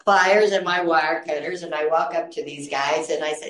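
A low-voiced woman tells a lively testimony in an echoey room, speaking at normal speed with few pauses. Her casual storytelling carries a Christian message, and she's animated, laughs often and acts out quoted voices.

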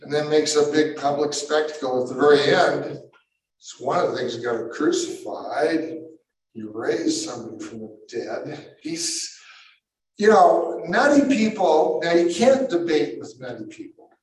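Slow emphatic preacher in an echoey hall. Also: male voice, fairly high pitch, expressive. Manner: emphatic, rising to sudden shouts, musing asides. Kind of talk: sermon. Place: large room with a live audience. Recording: echoey hall, mic far off.

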